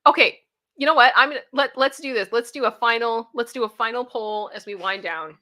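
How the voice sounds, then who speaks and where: A woman's voice: a little high, fairly quick, bright, forceful tone. A young woman hosting a casual livestream, chatty and repeating herself as she thanks viewers by name. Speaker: livestream host.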